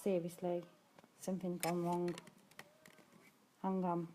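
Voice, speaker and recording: A woman's voice: fairly low pitch, completely flat delivery, takes it slowly, mellow, a little hiss or hum. A Welsh woman chatting and giggling as she hosts a live-stream nail painting demo, speaking into a phone indoors. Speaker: nail technician host.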